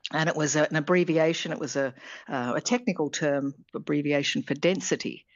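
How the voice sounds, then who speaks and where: A woman's voice: low-pitched, brisk, dry recording, highs cut off. A woman professor, explaining things on radio in a thoughtful, chatty way with plenty of ums and restarts. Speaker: linguistics professor, guest.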